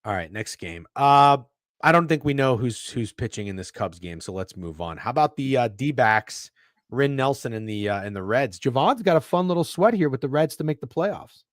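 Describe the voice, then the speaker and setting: Brief: male betting-podcast co-host, lively swooping delivery, cussing, dry close mic. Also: mid-range voice, normal speed, dry recording. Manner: profane, animated, rambling. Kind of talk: casual sports betting chat.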